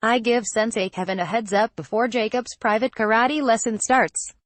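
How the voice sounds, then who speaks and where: A woman narrating a memoir excerpt in an even, measured reading voice that changes little for the quoted lines. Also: on the high side, dry recording. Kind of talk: steady read-aloud narration.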